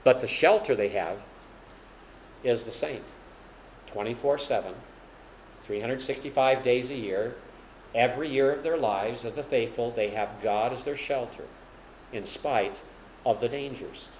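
A preacher teaches an expository Bible study to a small group, laying out each point plainly and raising his voice when quoting scripture. His mid-range voice is darkish and measured, with frequent pauses. The poor recording sounds roomy, with a little hiss or hum.

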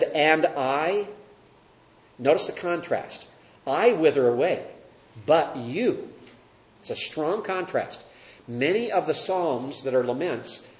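Earnest male Bible teacher, roomy echo. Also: on the high side. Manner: earnest, emphatic, poses questions to the class. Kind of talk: Bible teaching with class discussion.

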